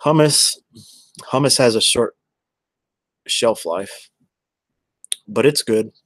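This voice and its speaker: A man's voice: mid-range voice, takes it slowly, fairly bright tone, dry recording. Rambling man in dry room. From Texas. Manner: rambling, chatty, answers viewers by name. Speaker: livestreamer. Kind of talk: casual livestream chat.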